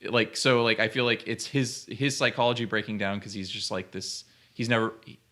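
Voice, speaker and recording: A young man co-hosts a casual film podcast in a lowish voice. He rambles and thinks aloud, leaning on lots of fillers as he works through his point. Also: steady tone, a little fast, sharp tone. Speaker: podcast co-host.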